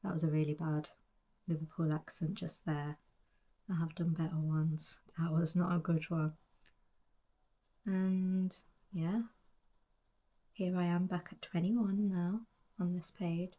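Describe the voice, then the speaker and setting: A woman in her forties reflects in soft whispered narration. She speaks slowly, in a fairly low, mellow voice. Her words often trail off into near-whispers. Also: little pitch movement. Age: 40s. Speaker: colouring book author.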